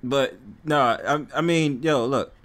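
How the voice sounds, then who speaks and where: A man hosting a casual livestream chat, talking in quick streetwise slang and laughing often. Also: medium pitch, a bit bright, no room sound. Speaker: livestream host.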